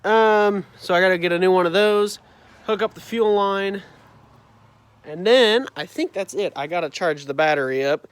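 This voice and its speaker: A man with a high-sitting, clean voice speaks at normal speed while filming a phone vlog in a farm building about fixing an old tractor. A face mask muffles him, and he rambles along with hesitant asides and self-corrections.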